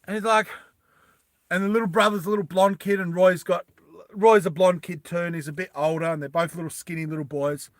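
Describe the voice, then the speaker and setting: A man's voice: sits high, brisk, no room sound. A man casually telling a movie story to his live chat, rambling with frequent restarts. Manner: rambling, animated, many restarts. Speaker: streamer pitching a film story.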